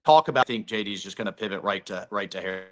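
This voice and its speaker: A man's voice: on the low side, quick pace. A congressman being interviewed remotely, making blunt, emphatic points. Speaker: congressman guest.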